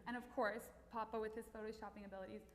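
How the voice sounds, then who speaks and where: A woman's voice: on the high side, flat delivery, racing. Young woman sharing memorial stories. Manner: fond, storytelling with light laughter. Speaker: grandchild giving a eulogy. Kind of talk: memorial speech. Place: temple sanctuary. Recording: roomy echo, long hall reverb, faint hiss.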